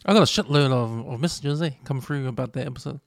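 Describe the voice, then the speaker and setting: A man, co-hosting a podcast in casual chat, talking quickly with stumbling restarts. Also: medium pitch, creaky, no echo, clean studio sound. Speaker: podcast co-host.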